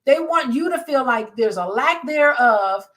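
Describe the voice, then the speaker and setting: A woman hosting a casual interview, her voice sitting high. She agrees often and builds on her guest's points. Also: lively intonation, unhurried, a loud crowd. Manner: affirming, chimes in often. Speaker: host.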